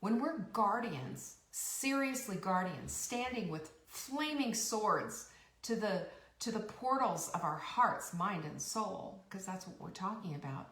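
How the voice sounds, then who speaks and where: A woman's voice: mid-range voice, expressive, slow pace, fairly bright tone, reverberant, distant mic. A woman host giving a rousing motivational talk, emphatic and repeating her key phrases. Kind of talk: motivational live-stream talk.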